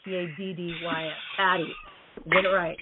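A woman hosting a radio show in casual, rambling chat, her voice going hoarse. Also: fairly low pitch, little pitch movement, normal speed, heavy background noise. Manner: chatty, rambling, joking. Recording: phone-like narrow band.

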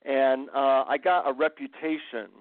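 A man, a guest author, telling relaxed stories in a casual interview. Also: medium pitch, a little slow, no echo. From America. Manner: relaxed anecdotal storytelling. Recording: tinny phone line.

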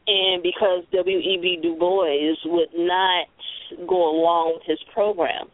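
A woman's voice: fairly low pitch, fairly even intonation, slow. A woman hosting a casual discussion, emphatic and blunt, with some swearing. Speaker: host. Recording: phone-like lo-fi audio.

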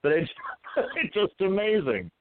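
A man's voice: high-pitched, lively intonation, unhurried. A man co-hosting a casual podcast chat, telling gossipy stories with plenty of swearing. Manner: profane, gossipy storytelling. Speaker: co-host. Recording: phone-like narrow sound.

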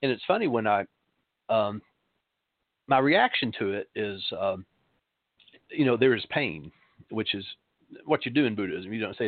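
A middle-aged man, a pastor hosting a show, giving a reflective spiritual talk in a halting way, pausing often and repeating words. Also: on the low side, lively intonation, dry recording. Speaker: pastor and podcast host. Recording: dry, narrow phone-like sound.

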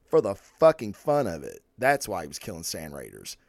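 A man hosting a comic news podcast, ranting excitedly and swearing as he reviews books, often repeating himself when worked up. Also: low voice, normal speed, creaky, no echo, clean studio sound. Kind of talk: casual comic review rant.

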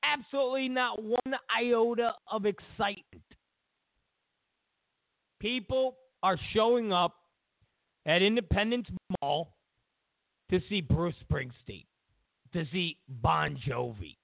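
A man's voice: high voice, slow pace, creaky, long pauses, dry recording. Sarcastic ranting man on a tinny line. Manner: sarcastic, mocking, repetitive jabs. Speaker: political commentary host. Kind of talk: ranting political commentary. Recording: tinny phone-like line, dry.

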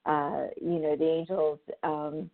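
Woman host rambling along, lots of ums and restarts, low voice, sounds like a phone call. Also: level tone, slow. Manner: rambling, with many fillers and restarts. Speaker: show host. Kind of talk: casual spoken monologue. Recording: tinny phone-line sound.

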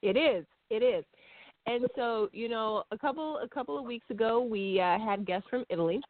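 A woman co-hosting a podcast, chatty and quick to laugh. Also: fairly high pitch, no room sound. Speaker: podcast co-host. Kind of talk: casual chat. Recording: tinny phone line.

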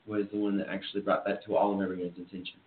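Wry, quick-talking male co-host, echoey. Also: deep voice, flat delivery. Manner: wry, teasing. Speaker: radio co-host. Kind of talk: casual radio chat. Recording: echoey phone-like line, loud hiss.

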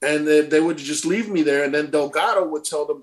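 A middle-aged former ballplayer tells his stories in a loose, animated way, acting out the quotes and swearing freely. His voice sits a little high for a man. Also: a little fast. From Brooklyn, New York. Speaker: former pro baseball player, guest. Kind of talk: casual storytelling interview.

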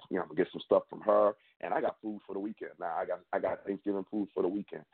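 A young man hosting his own sports show, venting in a fired-up, repetitive way with big jumps in pitch. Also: gravelly, breathy edge. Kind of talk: fan rant and commentary. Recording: tinny phone-like audio.

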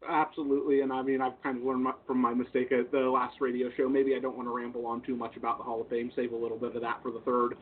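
A man's voice: level tone, fast talker, hardly any pauses, recorded from a distance. A man calling in as a guest, upbeat and chatty, sometimes breaking into a few sung words. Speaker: guest caller. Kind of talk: casual call-in chat. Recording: phone line with faint rumble.

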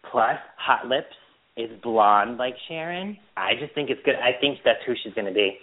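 A man with a mid-range voice at normal speed hosts a podcast, telling stories casually with plenty of laughter. The recording sounds narrow-band, like a phone, and he stays animated throughout.

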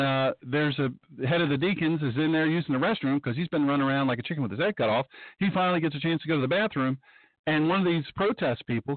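A man hosting a talk radio show, who rants with lots of rise and fall in his voice. His voice sits a bit high for a man. The sound is dry and narrow, like a phone line. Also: no room sound. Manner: excitable, breaks into mocking high-pitched impressions. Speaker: radio show host and pastor. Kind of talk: animated talk-radio monologue.

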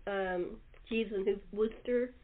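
A woman hosting a chat show, telling stories in a lively way and laughing often, heard over a phone-line recording. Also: medium pitch, slow pace. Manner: laughing, animated storyteller. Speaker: talk show host. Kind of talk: casual chat.

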